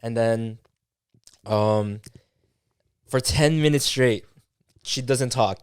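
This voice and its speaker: A man's voice: medium pitch, slow pace, smooth, no echo, studio quality. A young man, a podcast co-host, telling a casual story with lots of swearing and acted-out quotes of what was said. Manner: swearing, acts out quoted dialogue, many fillers.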